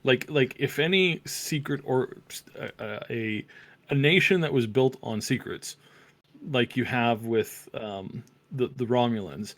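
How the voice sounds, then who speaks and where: A man with a middle-pitched voice, co-hosting a relaxed review chat. He jumps in eagerly and restarts his sentences as he builds his points. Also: unhurried. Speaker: podcast co-host.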